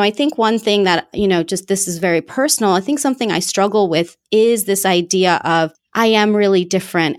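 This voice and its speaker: A woman's voice: mid-range voice, no room sound. Earnest woman host in a dry room. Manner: earnest, effusive, reflective. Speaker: interview host. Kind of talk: interview conversation.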